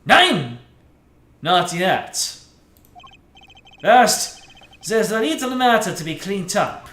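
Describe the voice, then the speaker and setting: A man voicing a suave male German rock-star prosecutor in a deep, drawling put-on German accent. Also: very animated, drawn-out words, bright, forceful tone, echoey room, slight background noise, exaggerated voice. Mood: smug.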